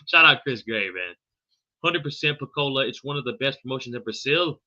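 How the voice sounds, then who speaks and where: A man's voice: medium pitch, expressive, unhurried, sharp tone, lo-fi sound. A man hosting a live podcast, answering viewer chat in a loose, profane way and calling everyone bro and brother. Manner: fumbles unfamiliar names. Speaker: podcast host.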